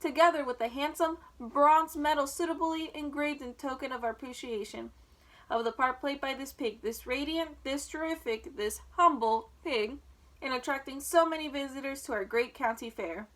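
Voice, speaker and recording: A woman's voice: sits high, moderate pace, lightly acted. A woman doing a pompous fair announcer. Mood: grand. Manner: grand, formal speechmaking.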